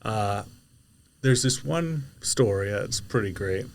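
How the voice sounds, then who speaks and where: Animated, lower-voiced man telling a story. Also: takes it slowly. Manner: animated storyteller, shouts out quoted lines. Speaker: podcast guest, delivery driver. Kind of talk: casual storytelling chat.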